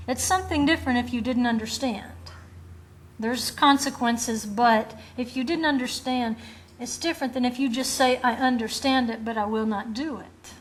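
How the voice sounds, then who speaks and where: A woman's voice: fairly high pitch, slight background noise. A woman Bible teacher preaching a sermon in an earnest, direct way, asking rhetorical questions and acting out quoted lines. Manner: acts out quoted voices of children and rebels.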